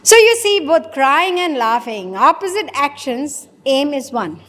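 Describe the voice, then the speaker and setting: A woman with a high voice delivers a philosophy lecture to listeners. She poses rhetorical questions and acts out imagined conversations. Her voice rings with a long reverb, as if in a large hall. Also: big pitch swings, measured pace, a bit bright. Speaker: spiritual lecturer.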